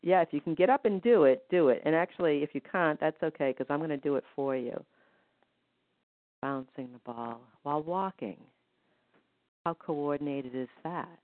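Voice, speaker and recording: Healer woman guiding a session, soft counting, dry tinny phone-quality sound. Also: low voice, normal speed, no echo. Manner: gentle, counts rhythms aloud. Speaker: energy healing practitioner. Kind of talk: guided healing session.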